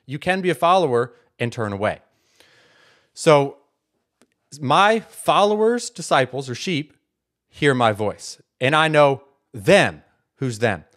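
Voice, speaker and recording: A man's voice: medium pitch, very animated, slow, pauses often, a bit bright. A man hosting a Bible teaching video, arguing his point emphatically and repeating words for stress. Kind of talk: casual apologetics monologue.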